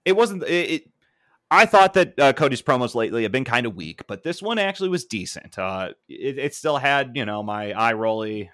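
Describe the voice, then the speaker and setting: A man co-hosting a casual wrestling podcast, animated and quick to laugh, often mimicking shouting fans as he tells a story. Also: mid-range voice, no echo, studio quality. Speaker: podcast co-host.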